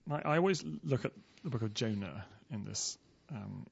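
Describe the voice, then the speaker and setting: Gravelly husky male theologian. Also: lowish voice, animated, normal speed. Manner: hesitant, wry, repeats words. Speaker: theologian guest. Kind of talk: casual podcast chat. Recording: dull lo-fi sound.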